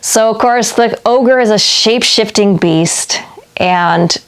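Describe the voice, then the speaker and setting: A woman talking slowly and unhurriedly as she retells old fairy tales. Her tone is casual and chatty, and light laughs break up her sentences. Her pitch sits in an ordinary middle range. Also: smooth. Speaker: video host. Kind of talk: casual storytelling vlog.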